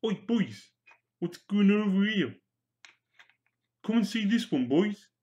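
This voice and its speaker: A man putting on a loud, cocky male orc brute with banter during a live stream. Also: high-pitched, lively intonation, unhurried, pitched above the performer's own voice. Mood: jeering. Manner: jeering lads' banter, hollering. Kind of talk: improvised impression on a live stream.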